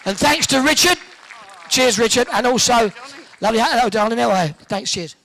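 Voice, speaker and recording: A cheeky male compère from Hertfordshire, England, teases the crowd in a high, bright voice with grit and creak, his intonation lively. Hosting in an indoor event hall before a live audience, he jokes and fires off quick quips.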